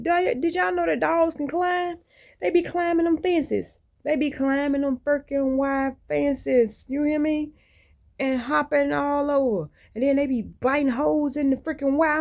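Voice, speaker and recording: Gravelly, mellow-voiced woman venting. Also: fairly low pitch. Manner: rambling, candid and venting; colloquial and blunt. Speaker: vlogger. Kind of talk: casual monologue to viewers.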